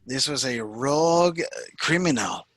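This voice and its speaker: A man voicing an earnest, diplomatic adventurer who persuades loudly. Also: medium pitch, lively intonation, measured pace, no room sound. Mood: persuasive.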